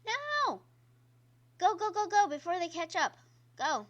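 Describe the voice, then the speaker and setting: A woman's voice: very high-pitched, expressive, normal speed, dull audio. A woman streamer giving casual gameplay commentary, chatty and exclaiming at the game while talking to her viewers. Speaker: gaming streamer. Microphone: own microphone.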